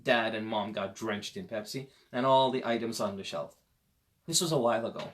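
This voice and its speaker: A man teaching a parenting lecture on a Quran verse, telling stories with lively swings between loud emphasis and quiet asides, and speaking directly to parents. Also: fairly low pitch, moderate pace. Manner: conversational, addresses parents directly. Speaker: Islamic teacher.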